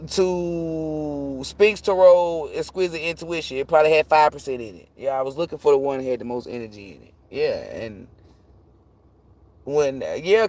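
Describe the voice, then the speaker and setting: A man reading tarot on a live stream, ranting casually and profanely, rambling and cutting himself off, jumping between loud bursts and low muttering. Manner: profane, rambling, self-interrupting; animated, jumps between shouting and muttering.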